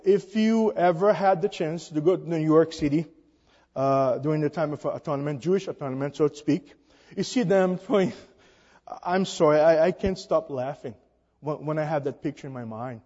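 A high-voiced man with a dark tone delivers a sermon with emphasis, his speech broken by hesitant fillers. Each rhetorical question pushes his voice upward, and the dull recording carries a long hall echo.

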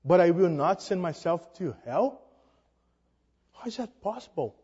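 A man preaching a sermon, emphatic and halting, his voice rising on rhetorical questions. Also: sits high, expressive, a little mellow, husky. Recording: dull sound with long reverb.

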